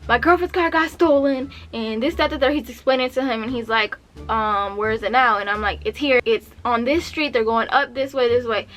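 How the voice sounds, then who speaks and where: A young woman in her twenties telling a story in a casual vlog, acting out the lines of the people in it. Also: fairly quick. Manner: animated, acts out quotes with pitch jumps.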